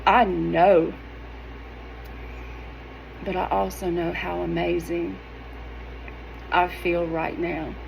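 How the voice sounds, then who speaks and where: A middle-aged woman, talking straight to her viewers in a sassy, animated, emphatic way. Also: lowish voice, slow pace, creaky, long pauses, a little hiss or hum, poor audio. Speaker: wellness vlogger. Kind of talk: casual direct-to-camera talk.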